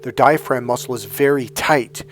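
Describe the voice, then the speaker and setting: A man's voice: medium pitch, normal speed, a little hiss or hum. A middle-aged man coaching in a casual monologue, rambling and correcting himself as he goes, acting out breaths and sighs.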